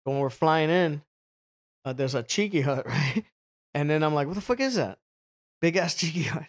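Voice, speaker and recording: A man's voice: a little high, normal speed. Crude, laughing man telling stories. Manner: laughs often, crude, rambling. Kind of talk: casual profane storytelling.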